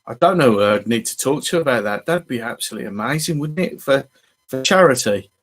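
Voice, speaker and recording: A man's voice: mid-range voice, animated, fairly quick, a bit bright. Chatty man on a live stream. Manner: rambling and chatty, greeting viewers as they arrive. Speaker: fishing channel host. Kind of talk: casual live stream chat.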